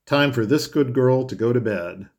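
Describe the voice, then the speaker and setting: A cool, languid young sportswoman with a lightly raised, drawling voice, as a male audiobook reader puts her on. She speaks in an unhurried, detached way. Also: medium pitch, a little mellow, close to an everyday voice.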